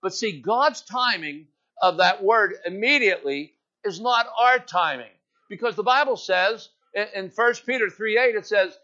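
A man's voice: high voice, sharp tone. A man preaching a sermon to his congregation, emphatic and declarative, often asking "Amen?". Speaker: pastor. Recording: dull lo-fi sound.

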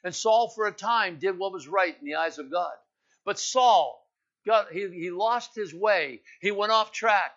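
A man preaching a sermon with fervor, rising loud and high at its peaks and sinking to a hush at others, in a dull lo-fi recording. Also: a little slow. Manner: impassioned preaching that swells loud and high, then drops quiet.

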